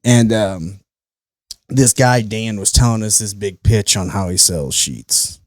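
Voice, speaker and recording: A man's voice: lowish voice, measured pace, dry recording, studio quality. A man from St. Louis telling stories as a podcast guest in casual chat, acting out other people's voices and swearing casually. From St. Louis, USA. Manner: animated storyteller, acts out quoted voices, laughs often, swears casually.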